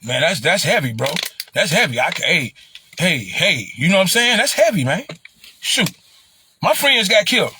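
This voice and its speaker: A middle-aged man from Chicago with a Chicago accent, talking on a livestream in an animated, preachy way and repeating phrases. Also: high voice, normal speed, a little hiss or hum. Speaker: livestream commentator. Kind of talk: casual livestream talk.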